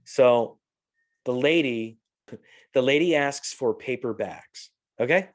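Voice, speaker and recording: Speaking slowly in a medium-pitched voice, a middle-aged man tells stories on his podcast in easygoing conversation. He curses freely, stays animated, and acts out the lines he quotes.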